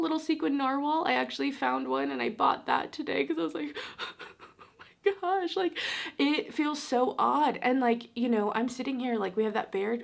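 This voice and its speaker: A woman's voice: fairly high pitch, vocal fry. A young woman vlogger venting at home in a casual chat, close to tears and full of "like" fillers. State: tearful. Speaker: beauty vlogger. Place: at home, indoors.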